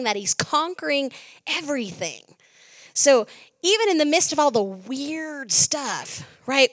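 A middle-aged woman preaching a sermon, telling a lively story and quoting herself with animated jumps in her voice. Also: fairly high pitch, no echo.

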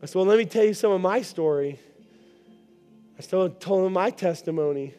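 A male pastor giving a sermon, telling stories in an animated way and often asking the congregation questions. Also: high voice, moderate pace, clean tone, faint music behind. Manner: animated storytelling, often asks the crowd.

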